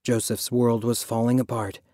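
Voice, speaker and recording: A male audiobook narrator with a mellow, dark voice, reading at a measured pace. He sinks low and quiet in the somber stretches. The recording is dry and close. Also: little pitch movement, no echo.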